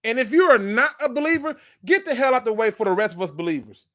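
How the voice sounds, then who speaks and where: A man's voice: extremely high pitch, lively intonation, quick pace, a bit bright. A man hosting his own sports channel, delivering a fired-up fan rant that hammers the same points again and again. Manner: fired-up, preachy, repeats points.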